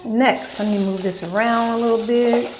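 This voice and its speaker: A woman's voice: fairly high pitch, fairly even intonation, moderate pace, a little mellow, a little hiss or hum. Female vlog host in a casual Q&A, blunt, opinionated and profane. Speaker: host answering viewer questions.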